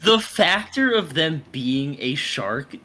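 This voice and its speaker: A man's voice: on the high side, expressive, takes it slowly, pushed and bright. A man co-hosting a podcast in casual chat, rambling and trailing off. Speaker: podcast co-host.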